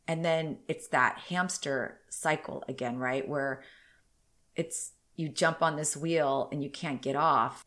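A woman's voice: sits low, steady tone, measured pace, a bit bright. A woman in her thirties hosting a podcast alone, chatting in a rambling, candid way and sounding a little congested. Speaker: podcast host. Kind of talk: casual solo podcast chat.

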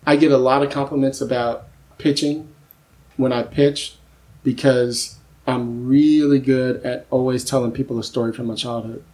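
Lively storytelling male screenwriter. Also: mid-range voice, moderate pace. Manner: lively storyteller who acts out quoted voices; keeps asking "you know what I mean?". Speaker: screenwriter and podcast guest. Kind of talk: casual podcast conversation.

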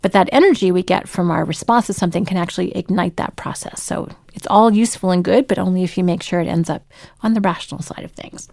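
Woman, workplace advice talk, animated, acts out quotes, gravelly edge, dry close sound. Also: lowish voice, fast talker, no room sound. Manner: animated, acts out quoted voices, laughs often. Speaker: business speaker giving workplace advice.

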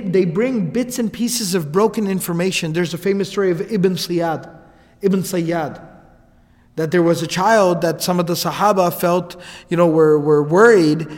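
A man's voice: high voice, big-room sound. A man telling a story as a casual lecture, acting out the quoted lines. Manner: animated, acts out quotes, casual asides.

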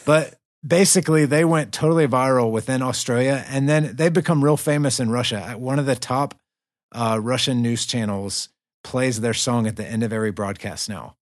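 A man's voice: medium pitch, moderate pace, no echo, studio quality. A man hosting a podcast, telling a story in a casual, upbeat way with lots of fillers and laughs. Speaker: podcast host. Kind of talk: casual chat. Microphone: remote recording for a virtual studio.

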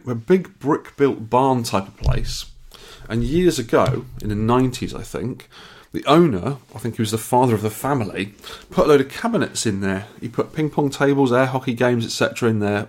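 This man sounds a touch tired and rambles as a podcast co-host, circling back and restarting his sentences. His voice sits at an ordinary middle pitch with a husky, slightly breathy edge. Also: expressive, brisk, darkish tone. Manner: chatty, rambling storyteller with restarts. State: tired and yawning. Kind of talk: casual chat.

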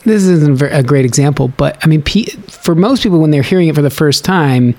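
A man's voice: fairly high pitch, animated, brisk, mellow. Male stand-up comic, podcast guest, rambling and thoughtful, loose conversational delivery. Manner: rambling, thoughtful, with many restarts. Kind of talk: casual podcast chat.

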